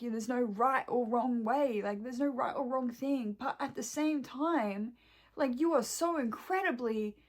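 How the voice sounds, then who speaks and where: A young woman and shop worker venting to her camera at home, swearing heavily and rambling, close to tears. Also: fairly high pitch. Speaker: vlogger and shop employee.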